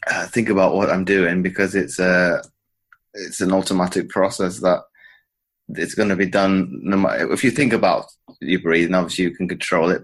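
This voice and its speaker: A man hosting a podcast interview, talking in a halting way with many restarts and repeated words. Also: low-pitched, a bit bright. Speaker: podcast host. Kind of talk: conversational interview.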